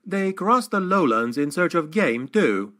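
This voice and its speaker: A man's voice: fairly high pitch, big pitch swings, a little slow, fairly bright tone, voice pushed up. A man voicing a proud young noble heir in an audiobook, with refined, cultured speech.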